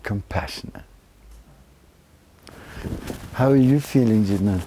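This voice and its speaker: An older man giving a spiritual talk to a retreat group, expressive and effusive, teasing his listeners fondly. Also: fairly low pitch, fairly quick. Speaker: spiritual teacher.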